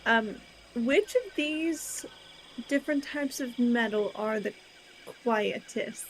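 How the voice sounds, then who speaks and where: A woman's voice: a little high, expressive, slow pace, a little hiss or hum, low-quality recording. A woman playing her character in a tabletop game, asking politely and hesitantly. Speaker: player.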